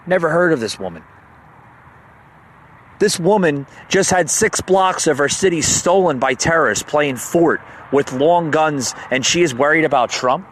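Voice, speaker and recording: A man's voice: a little high, animated, unhurried, fairly bright tone, a little hiss or hum. A man hosting a podcast, ranting heatedly about politics, stammering and repeating himself as he gets worked up, with bursts of mocking sarcasm. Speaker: podcast host.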